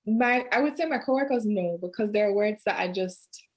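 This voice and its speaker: A woman with a Jamaican accent hosts a relaxed interview at a middle pitch. She is chatty and laughs a lot, and her talk keeps drifting into patois. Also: a little fast, poor audio. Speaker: podcast host. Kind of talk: casual interview chat.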